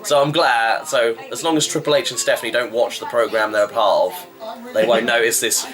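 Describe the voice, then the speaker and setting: A man's voice: medium pitch, steady tone, brisk, music in the background, low-quality recording. A man giving a chatty, wry running review of a wrestling show, rambling with fillers. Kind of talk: casual vlog review.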